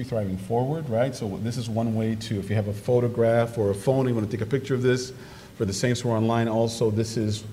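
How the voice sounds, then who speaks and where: A man preaching a sermon, animated storytelling that jumps into excited quoted voices. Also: lowish voice. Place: church sanctuary. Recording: distant microphone in a reverberant church hall with noise.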